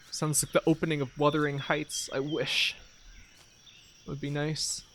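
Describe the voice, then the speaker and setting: A man streaming a game, drifting between wry jokes and offhand thoughts as he plays. His voice sits a little higher than most men's. A faint hiss lies under the talk. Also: little pitch movement, unhurried, long pauses, a bit bright. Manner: wry, rambling, jokey asides. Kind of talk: casual gameplay commentary.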